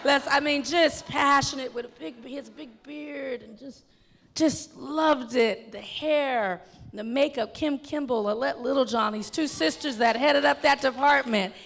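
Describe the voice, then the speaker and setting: A woman filmmaker talking in an animated, chatty way with lots of fillers, in an onstage conversation at a film festival. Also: sits high, measured pace, creaky, a little hiss or hum. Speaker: filmmaker guest. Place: film festival venue with an audience. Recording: long hall reverb.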